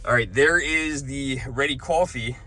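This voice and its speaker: A man's voice: mid-range voice, a little slow, pushed and bright. A man talking casually to camera in a rambling, chatty way, often chuckling between stories. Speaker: vlogger.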